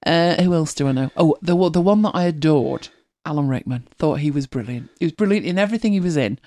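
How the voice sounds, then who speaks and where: A warm, low voice speaks fast. The speaker, a middle-aged woman from Manchester, England, with a mild accent, rambles and laughs often while hosting a casual chat and reading listener comments.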